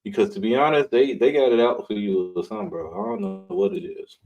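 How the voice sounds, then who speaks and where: A man's voice: mid-range voice, sing-song, fast talker, creaky, dull audio. A man hosting a live online show, riffing in blunt, mocking casual commentary and swearing freely.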